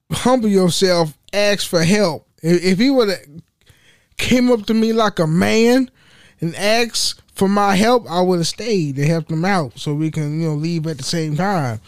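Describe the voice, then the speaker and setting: A young man rants on his podcast about a workplace argument. He talks in a high, smooth voice, cursing freely and replaying both sides of the exchange. The sound is close and dry, with no room around it. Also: a little slow, no room sound. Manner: rambling, profane, restarts and retells arguments in quotes. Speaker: podcast host. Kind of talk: casual solo venting monologue. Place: at home.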